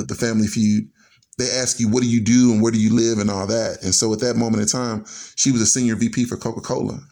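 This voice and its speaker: A man in his forties recounts his past as a podcast guest, in a low voice with a gravelly, fry-laden edge. He speaks earnestly and reflectively, stringing his thoughts together as personal storytelling. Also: dark tone.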